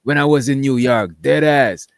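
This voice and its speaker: Man from Guyana, mid pitch, slangy, laid-back, dry close sound. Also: normal speed, dry recording. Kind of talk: casual group chat.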